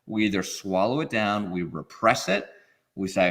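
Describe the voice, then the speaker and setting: Low voiced guy on a podcast, talks a lot, voices out feelings dramatically. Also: normal speed. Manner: animated, acts out quoted feelings. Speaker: guest expert. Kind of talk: podcast interview.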